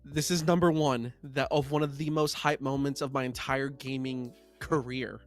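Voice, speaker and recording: A male podcast co-host telling gaming stories in casual chat, animated and getting loud when excited. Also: medium pitch, normal speed, soft background music.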